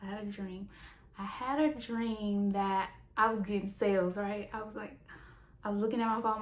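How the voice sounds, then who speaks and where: A young woman, a small business owner, telling a story in a casual vlog with animated, mock-dramatic flair. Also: medium pitch, normal speed. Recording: roomy echo.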